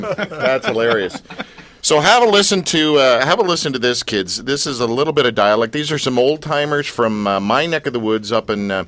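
A man with a medium-pitched, fairly bright voice talks at a moderate pace in an animated way, recorded dry. He's hosting a radio show in a studio, joking and rambling with lots of fillers in casual studio chat.

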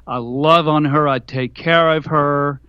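A man's voice: fairly high pitch, steady tone, measured pace, clear, resonant tone, no room sound, lo-fi sound. A man being interviewed as an author, answering with folksy jokes and anecdotes. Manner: jokey, folksy storyteller. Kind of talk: radio interview.

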